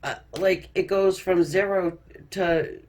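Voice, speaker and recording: A woman's voice: fairly low pitch, steady tone, slow pace, darkish tone, a little hiss or hum. Chatty woman giving a tarot reading. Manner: chatty, laughing, swears, frequent restarts. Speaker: tarot reader. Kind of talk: casual tarot card reading.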